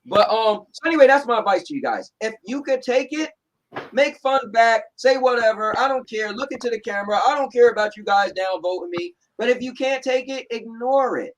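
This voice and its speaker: A man's voice: very high voice, fairly quick, slight background noise, low-quality recording. A man from New Jersey with a New Jersey accent, hosting a casual chat show from home, talking bluntly and sarcastically. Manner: blunt, sarcastic, repeats "right?". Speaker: show host.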